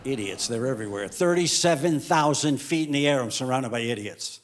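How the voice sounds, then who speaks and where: A male comedian telling animated stand-up stories on stage, acting out the people in them. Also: medium pitch. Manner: animated storytelling, acts out characters in quick asides. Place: comedy stage before a live audience. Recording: live club recording with audience noise.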